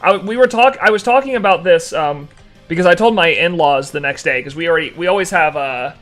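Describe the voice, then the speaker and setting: A young man streaming live, chatting casually with viewers and telling an animated story with dry sarcasm. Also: a little high, brisk, faint music behind.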